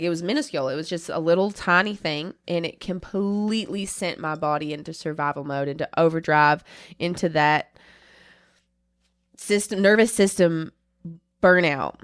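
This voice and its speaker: A woman's voice: fairly low pitch, dry recording. A woman co-hosting a casual podcast chat, talking candidly in a rambling way and often cutting off her own sentences. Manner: rambling, self-interrupting, candid. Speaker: podcast co-host.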